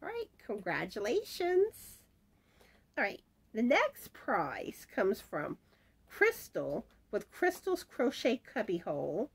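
Woman, crochet channel host, casual giveaway announcement, voice fading, unhurried delivery, animated pitch. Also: husky. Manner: chatty and unhurried, mutters asides to herself. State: voice starting to give out. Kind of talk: casual giveaway announcement, reading viewer comments.

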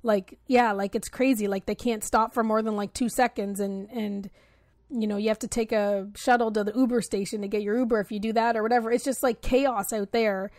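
Bright-voiced woman podcast co-host, dry sound. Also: fairly high pitch, steady tone, a little fast, dry recording. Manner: easygoing, rambling explanations with many fillers. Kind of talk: casual chat.

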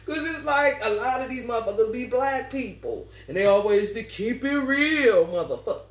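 A woman reading tarot for her viewers, talking in a loose, profane, storytelling way and breaking into laughter again and again. Her pitch swings widely from line to line. She sits back from the mic in a roomy space with a faint hum behind her. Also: moderate pace, few pauses. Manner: animated, laughs often, heavy swearing. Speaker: tarot reader. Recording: roomy echo, mic at a distance, faint background noise.

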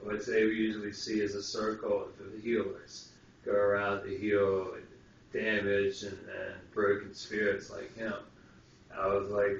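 A man's voice: on the low side, unhurried. A man co-hosting a casual spiritual talk show, telling an experience at length and acting out the voices he quotes. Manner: animated storyteller, acts out quoted voices. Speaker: co-host. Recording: distant, roomy, dull lo-fi sound with hiss.

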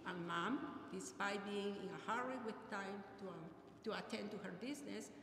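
A middle-aged woman gives a heartfelt eulogy in an earnest, measured way. Her mid-range voice rings out through an echoey hall with a long reverb tail, and faint ambient noise sits underneath. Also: mid-range voice, fairly bright tone. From Peru. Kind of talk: memorial eulogy.

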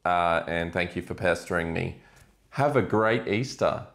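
A middle-aged man and father telling dad jokes deadpan, groaning at them himself. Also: deep voice, a little slow, vocal fry. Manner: self-deprecating, groaning at his own jokes.

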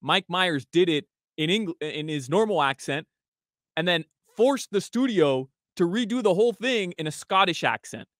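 Male radio regular, chatty storyteller, lively pitch, dry studio mic. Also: normal speed, no room sound. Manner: chatty storyteller, laughs often. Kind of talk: casual radio banter.

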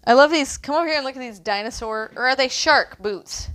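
A woman's voice: high-pitched, a little fast, background noise. A woman reselling online, chatting playfully while she unboxes and sorts through a lot of shoes. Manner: chatty, playful, thinks aloud. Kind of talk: casual unboxing chat.

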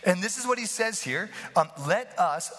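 A man preaching a lively sermon, playful and animated, who often asks the congregation questions. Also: high-pitched, normal speed. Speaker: pastor. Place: church hall. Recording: live in a reverberant hall.

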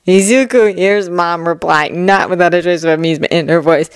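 A woman reading a fan story aloud in a steady, even storytelling voice that sits a little low. The recording is dry and close. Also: a little fast, hardly any pauses, clear, resonant tone, no room sound. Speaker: fanfiction reader. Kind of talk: audiobook narration.

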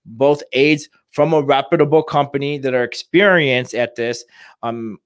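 A man who works in home care, giving informal advice to families and talking in halting bursts full of restarts and fillers. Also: mid-range voice, no room sound, clean studio sound. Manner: halting, many restarts and "you know" fillers.

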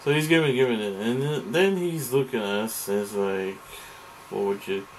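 A man's voice: medium pitch, lively intonation, normal speed, slight background noise, rough recording. Rambling, profane man ranting. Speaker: vlogger. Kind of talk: ranting monologue to camera.

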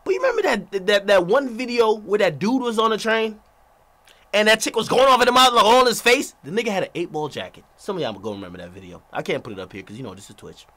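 A man streaming a reaction video, ranting profanely with loud asides. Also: high voice, sing-song, fast talker.

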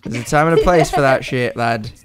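A man's voice: medium pitch, fairly quick, over music. A young man streaming a game with friends, exasperated and swearing between jokes. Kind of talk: casual gaming chat.

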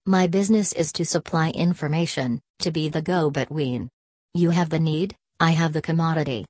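Woman reading a greedy middle-aged hustler: low, smooth, salesman pitch. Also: normal speed, a little mellow, no room sound, studio quality. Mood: smooth, persuasive. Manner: direct, salesman-like.

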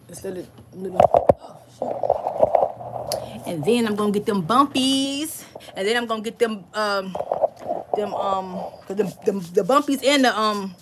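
A woman hosting a casual live stream, rambling excitedly and reading viewers' comments aloud. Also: medium pitch, slight background noise.

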